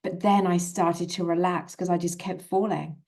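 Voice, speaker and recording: A woman giving a calm, gentle self-help talk as a manifestation coach, repeating soothing, encouraging phrases. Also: lowish voice, normal speed.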